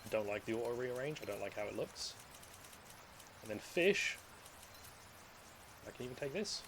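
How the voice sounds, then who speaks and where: A man streaming a video game, chatting to himself and his viewers in a loose, rambling way. He jokes and swears freely as he plays, in a voice of ordinary middle pitch. A faint ambient hum sits under the voice. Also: very animated, normal speed, a bit bright. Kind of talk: casual live gameplay commentary.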